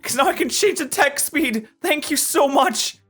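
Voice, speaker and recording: A young man hosting a let's play, chatting through the game with excitable, jokey remarks. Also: very high-pitched, moderate pace. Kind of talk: gameplay commentary.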